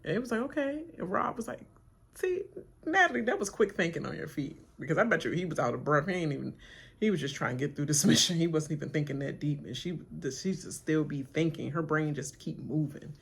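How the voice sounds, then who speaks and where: A woman's voice: sits low, fast, vocal fry, breathy edge. A woman hosting a reality TV reaction stream, animatedly retelling the episode and acting out the cast members' lines with laughter. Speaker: reaction channel host. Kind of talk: live-watch reality TV rant.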